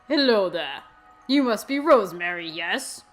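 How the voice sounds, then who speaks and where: A woman's voice: medium pitch, expressive, measured pace, faint music behind, pitched below the performer's own voice, lightly acted. A woman voicing a proper, apologetic young princess in a let's play of a visual novel, with formal, polite speech. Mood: haughty.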